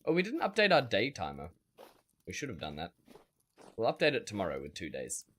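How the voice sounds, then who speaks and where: A man's voice: on the low side, huge pitch swings, brisk, fairly bright tone, a little hiss or hum. A man streaming a survival game, rambling in a wry way and chatting with his viewers. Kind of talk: casual gameplay commentary.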